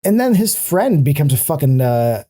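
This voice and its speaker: A man co-hosting a podcast, ranting casually and profanely, lively and quick to curse. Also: a little high. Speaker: podcast co-host. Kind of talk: casual chat.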